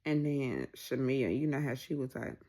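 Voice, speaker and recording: A woman casually recapping a reality show, acting out what people said with big swings in her voice. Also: moderate pace. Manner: animated, acts out quoted lines with pitch jumps.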